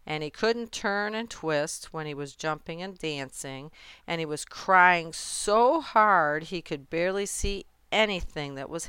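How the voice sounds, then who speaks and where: A woman reading a children's storybook aloud in a gentle, measured way. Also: low-pitched, clear, resonant tone, dry recording. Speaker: storybook narrator. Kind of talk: children's book read-aloud.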